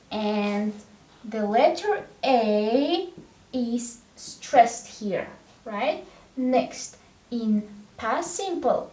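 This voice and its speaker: Female English teacher, very slow, patient drilling of verb forms, higher voice, echoey room. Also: a little mellow. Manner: drills verb forms one word at a time, checks in with "all right?". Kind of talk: slow, deliberate language lesson.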